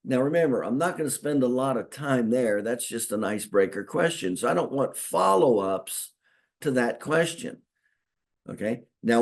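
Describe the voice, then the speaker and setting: A man's voice: medium pitch, darkish tone. A man teaching chiropractors in a folksy, repetitive lecture, acting out bits of talk with patients. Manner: folksy, repeats himself, acts out patient talk. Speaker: chiropractic consultant teaching doctors. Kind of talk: spoken training lecture.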